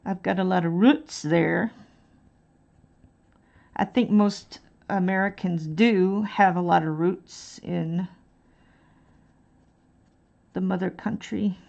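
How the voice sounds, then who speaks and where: A woman streamer from Texas chats slowly while she colors, drifting off and poking fun at herself. Her voice has a gravelly fry, and the audio sounds dull and lo-fi. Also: on the low side, darkish tone. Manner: rambling, laughing, self-deprecating.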